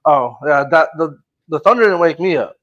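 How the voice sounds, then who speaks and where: A man's voice: on the high side, lively intonation, normal speed, a bit bright, lo-fi sound. Stammering laid-back American co-host man. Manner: laid-back storyteller, stammering restarts, lots of "like". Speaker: podcast co-host. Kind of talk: casual sports podcast chat.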